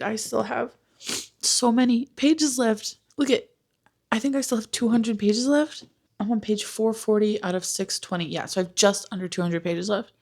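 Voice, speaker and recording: A woman's voice: medium pitch, creaky, darkish tone. A young woman vlogging about a book she is reading, talking in an emotional, exasperated way with many fillers, close to tears. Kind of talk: casual talking-head vlog update.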